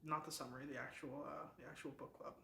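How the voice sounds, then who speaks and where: A man's voice: a little high, little pitch movement, fast, creaky, pushed and bright, a little hiss or hum. A man hosting a book club, retelling a novel's plot in a casual, chatty way, full of fillers and restarts. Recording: echoey room.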